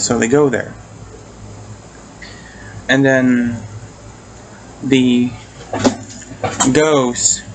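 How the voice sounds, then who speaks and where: A man's voice: medium pitch, a little hiss or hum, low-quality recording. A man casually recapping and reviewing a TV episode. He rambles, restarts often and swears casually.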